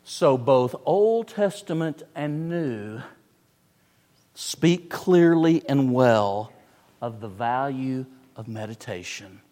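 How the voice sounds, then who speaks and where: Man, preacher, sermon, emphatic, repeats phrases, unhurried, long hall echo. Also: mid-range voice, warm tone.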